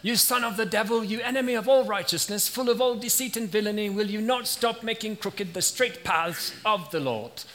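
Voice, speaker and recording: A man voicing the apostle Saul with a put-on British accent, delivering a stern rebuke in a raised, higher voice. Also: moderate pace, hardly any pauses, a bit bright, slight background noise. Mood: denouncing. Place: church sanctuary.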